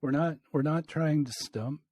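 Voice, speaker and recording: A man co-hosting a podcast in a casual chat, with a dry, deadpan, flat delivery. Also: on the high side, measured pace, dry recording. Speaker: podcast co-host. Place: home.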